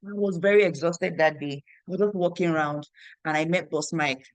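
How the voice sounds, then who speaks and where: In a dry recording, a young woman with a deep voice and a brisk delivery tells an uplifting story about her business. She leads a network marketing team and animates the telling by repeating phrases and acting out what people said.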